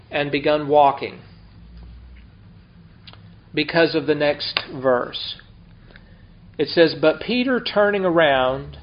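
A man teaching the Bible verse by verse in a conversational way, asking his class questions as he goes. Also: fairly high pitch. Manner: conversational, explains and asks the class. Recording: dull lo-fi recording.

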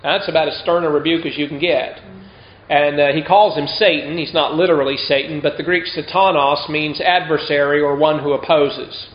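A man's voice: a little high, steady tone, moderate pace, slight background noise. A man preaching a sermon in a conversational way, often throwing rhetorical questions to the listeners. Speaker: pastor. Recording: roomy, dull lo-fi sound.

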